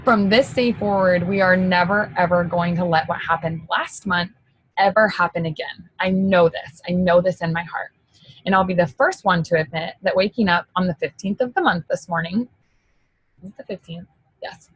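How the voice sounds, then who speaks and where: A woman with a husky, slightly breathy voice gives an emotional, excitable pep talk to her team, peppered with "like" and the odd swear. The sound is close and dry, with no room around her. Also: on the low side, normal speed, dry recording, poor audio. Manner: casual, chatty, mild swearing. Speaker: sales team leader.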